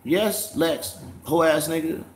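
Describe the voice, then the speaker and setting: This livestream host has a voice on the high side and takes his time speaking. Casual, profane, and mocking, he laughs a lot. It's recorded in an echoey room with faint noise behind him.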